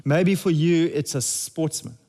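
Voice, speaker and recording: A man's voice: on the high side, measured pace, warm tone. A man, preaching a sermon in a conversational, jokey way with frequent restarts. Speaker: pastor.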